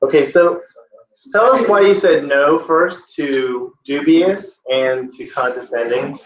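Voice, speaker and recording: Casual, fairly high-voiced male teacher. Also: slow pace, slight background noise. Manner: casual, animated, lots of "like". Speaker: test-prep teacher. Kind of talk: classroom lesson. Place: classroom. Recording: echoey classroom, dull lo-fi sound.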